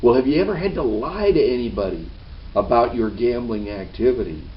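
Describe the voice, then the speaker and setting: A man's voice: mid-range voice, expressive, brisk, recorded from a distance. A man giving a training presentation in a meeting room, folksy and checking in with "okay" after each point. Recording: dull lo-fi camera audio with faint hiss.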